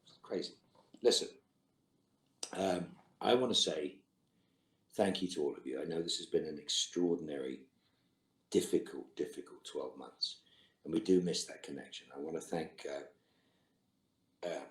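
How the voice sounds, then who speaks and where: Speaking a little slowly with long pauses, a middle-aged actor with a very deep voice reads fan questions on a virtual Q&A. His answers over the video call are dry, terse quips, and the recording echoes roomily.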